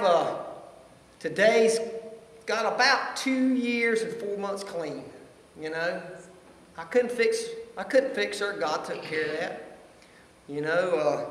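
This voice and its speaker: A middle-aged man gives a heartfelt testimony at a church recovery meeting. His voice sits high and bright, and he talks haltingly, circling back to repeat key phrases. The sound carries the long echo of a hall with a faint hum of ambience behind it. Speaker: recovery ministry speaker. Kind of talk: personal testimony.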